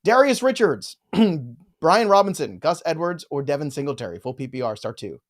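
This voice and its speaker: A man's voice: fairly high pitch, sing-song, moderate pace. A man co-hosting a live fantasy football chat show, bantering and reading out viewer questions.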